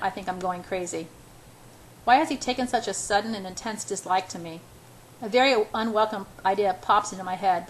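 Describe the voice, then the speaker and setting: A woman's voice: medium pitch, slight background noise, rough recording. A woman reading a first-person novel aloud in a casual, unpolished way, with restarts and self-corrections. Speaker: amateur audiobook reader.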